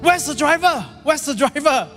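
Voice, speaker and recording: Man playing a high-pitched paramedic, blunt, alarmed, in a church hall with faint music. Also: a little fast, fairly bright tone. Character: urgent male paramedic at a crash.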